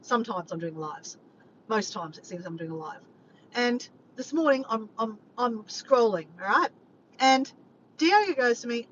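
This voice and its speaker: A woman rambling to her viewers on a live stream, animated and swearing freely. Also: a little high, normal speed. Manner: animated, swears often, keeps addressing "guys". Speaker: vlogger doing a live stream. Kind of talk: rambling casual chat to viewers. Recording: slightly muffled, faint background noise.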